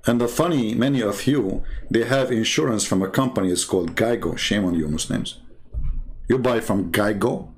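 A man's voice: on the low side, moderate pace. A man from the Middle East whose first language is Arabic, speaking with an Arabic accent. He hosts a rambling, sarcastic livestream commentary. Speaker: channel host and religion critic.

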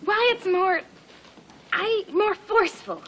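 A woman's voice: very high voice, slow, noisy background. Giggly, lovestruck young woman. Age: young adult. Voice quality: breathless, giggly. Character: lovestruck young daughter, sweet and teasing. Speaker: daughter and shop clerk. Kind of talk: film drama acting.

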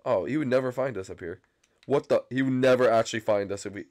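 A young man doing excited, frantic gameplay commentary as a channel host, often yelping and screaming when chased. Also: mid-range voice, fast.

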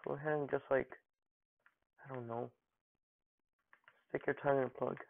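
This gaming channel host, a young man, jokes his way through casual commentary on his play and mocks opponents with over-the-top dramatic lines. His medium-pitched voice shows vocal fry, barely moves in pitch, and keeps a moderate pace. The audio is dry, echo-free, and narrow like a phone.

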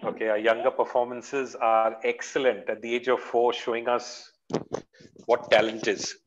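A man's voice: medium pitch, little pitch movement, normal speed, highs cut off, a little hiss or hum. Man hosting a talent show online. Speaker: event host. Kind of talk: announcing performers. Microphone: video call.

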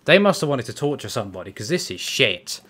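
A man's voice: medium pitch, sing-song, quick pace, fairly bright tone. A man streaming a fighting game, ranting and swearing at his opponents and the game. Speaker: gaming streamer. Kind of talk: live gameplay commentary.

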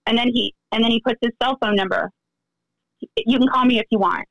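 A woman guest on a podcast interview, recounting events in an animated way and acting out the voices of others. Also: fairly high pitch, brisk, gravelly, lo-fi sound. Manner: animated storytelling, acts out quoted dialogue. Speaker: interview guest, friend of the deceased.

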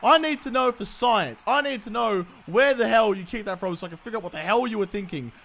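A young man commentating his own football video game, cheering loudly and swearing at the players. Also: high-pitched, brisk, creaky. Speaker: gaming commentator. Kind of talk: excited gameplay commentary.

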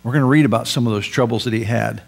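A man preaching a sermon as pastor, emphatic, rising for stress and dropping low for asides. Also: very fast, gravelly.

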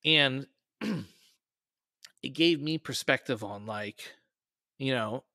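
Male podcast guest with a bright, dry voice who tells stories and acts out the quotes. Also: medium pitch, very slow, vocal fry, dry recording. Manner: storytelling, raises his voice to quote people. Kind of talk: casual podcast conversation.

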